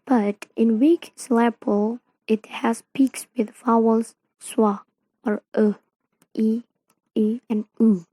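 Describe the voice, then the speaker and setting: A young woman, a non-native speaker of English from Indonesia, slowly reads out a student presentation on phonetics, with grammar slips along the way. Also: on the high side, flat delivery, warm tone, breathy edge, no echo, rough recording. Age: young adult. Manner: slow careful reading with non-native grammar.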